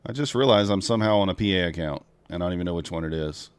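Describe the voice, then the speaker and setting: A man's voice: low voice, very fast, smooth, no echo. A man chatting casually to viewers while trading futures live, talking them through each move. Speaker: live-streaming futures trader. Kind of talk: casual live-stream commentary.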